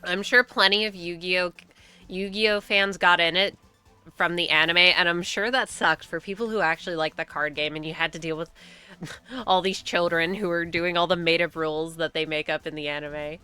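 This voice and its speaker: Young American woman, game streamer, loose and profane, bright, crisp voice on the lower side, with faint music underneath. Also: steady tone, normal speed. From United States. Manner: chatty, swears often, laughs between remarks. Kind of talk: casual gaming commentary.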